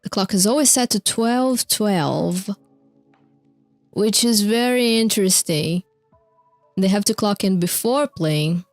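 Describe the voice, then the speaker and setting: Chatting over video clips, this young woman streamer recaps concert lore in a loose, filler-packed ramble, laughing and cursing often. She speaks slowly and expressively in a mid-range voice. There's no room sound, just faint background music.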